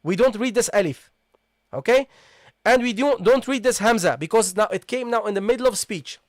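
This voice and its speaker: Man, recitation teacher, live online lesson, repeats and checks in, high pitch, dry sound. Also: dry recording. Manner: explains step by step, repeats words slowly and asks "okay, guys?".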